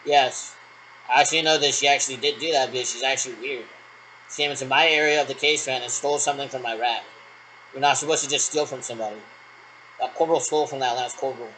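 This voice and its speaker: A man's voice: medium pitch, fairly even intonation, fast talker, bright, forceful tone, slight background noise, poor audio. A man in a rambling solo monologue who repeats himself and answers his own questions.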